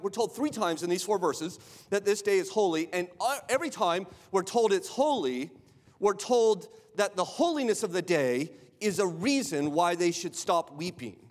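A male pastor giving a conversational sermon, often asking rhetorical questions and repeating words as he goes. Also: high-pitched. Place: church sanctuary. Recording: long hall reverb.

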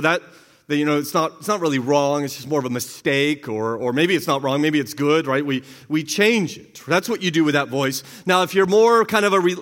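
Guy preaching, kinda high voice, chatty with lots of questions, big echoey hall. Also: a bit bright. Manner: conversational, rhetorical questions, repeats words. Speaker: pastor. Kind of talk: sermon. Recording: long reverb of a large hall.

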